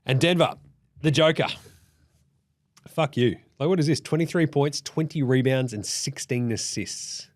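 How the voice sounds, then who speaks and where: A young Australian man hosting a casual sports recap, sweary, excitable and jokey. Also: a little high, measured pace, dry recording, studio quality. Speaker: host.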